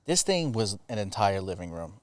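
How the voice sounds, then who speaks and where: A man's voice: fairly low pitch, big pitch swings, normal speed, noisy background. A man hosting a casual podcast chat, telling rambling childhood stories with swearing and laughter. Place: studio in Los Angeles.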